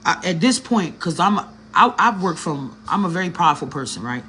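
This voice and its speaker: A woman tells a personal story in a slangy, casual vlog, addressing her viewers directly with earnest emotion. Her fairly low voice is very animated, brisk, and a bit bright, with a little hiss or hum on the recording.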